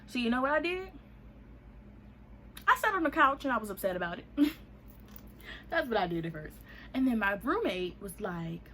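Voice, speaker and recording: A woman's voice: medium pitch, big pitch swings, normal speed, pauses often, fairly bright tone, a little hiss or hum. A young woman, casually telling a storytime vlog and acting out the people in it with raised voices. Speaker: vlogger.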